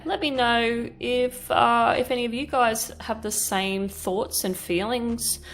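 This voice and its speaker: A woman's voice: on the high side, steady tone, slow pace, a bit bright, soft background music. A woman in her thirties chatting candidly while she paints, rambling and swearing casually. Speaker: art vlogger.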